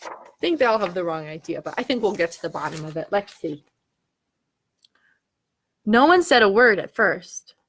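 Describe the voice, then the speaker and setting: A woman, a children's librarian, reading picture books aloud to children with an animated, questioning storytime manner. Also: medium pitch, moderate pace, pauses often. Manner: animated, asks listeners questions, gasps at the story.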